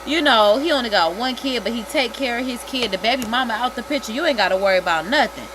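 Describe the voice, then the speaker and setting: A woman's voice: a little high, fast, background noise. A woman, chatting casually and animatedly on a livestream. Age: 30s. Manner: animated, swearing, laughing between stories. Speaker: livestream host. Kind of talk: casual gossip chat.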